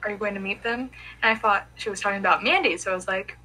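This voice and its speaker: A woman's voice: mid-range voice, fast talker, pushed and bright, poor audio. A young woman in casual chat, teasing her friend and recounting a conversation.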